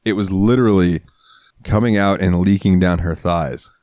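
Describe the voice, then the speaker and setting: A man's voice: low-pitched, moderate pace, a little mellow, no room sound, clean studio sound. A man co-hosting a podcast in casual crude chat, joking and laughing often. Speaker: podcast co-host.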